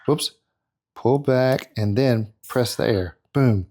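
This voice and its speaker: A man's voice: mid-range voice, slow pace, dark tone. A man hosting a casual airbrush painting tutorial, talking to himself as he works and counting out his steps. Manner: chatty, self-talk while working, counts out steps. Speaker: airbrush artist and tutorial host.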